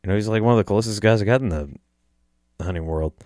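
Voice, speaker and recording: A man's voice: lowish voice, fast talker, darkish tone, dry recording, clean studio sound. A young man telling an emotional story about a friend, choking up and swearing, laughing through the tears. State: choked up, close to tears. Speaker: hunting personality.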